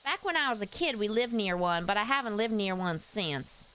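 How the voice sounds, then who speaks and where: A woman's voice: mid-range voice, lively intonation, normal speed, fairly bright tone, clean tone, natural voice. A woman voicing a folksy, easygoing streamer character with a Southern accent, chatting with viewers while she plays. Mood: chatty. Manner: folksy, addresses chat as y'all. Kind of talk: live stream chat while playing.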